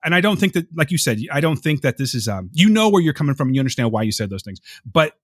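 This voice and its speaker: A man's voice: medium pitch, big pitch swings, fast talker, dry recording, clean studio sound. A man co-hosting a podcast, talking earnestly and emotionally in casual discussion, rambling and restarting his sentences. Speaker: podcast co-host.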